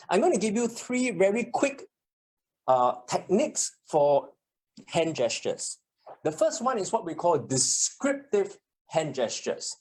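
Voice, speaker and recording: Lively speaking coach teaching a workshop. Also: mid-range voice. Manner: animated, acts out example sentences. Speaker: public speaking trainer. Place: meeting room, also streamed on a video call.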